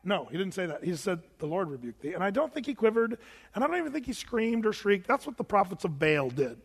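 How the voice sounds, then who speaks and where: A man preaching a conversational sermon as pastor, talking loosely with the congregation and now and then mocking shouting preachers. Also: high-pitched, big pitch swings, fast talker, creaky, slightly rough, long reverb tail.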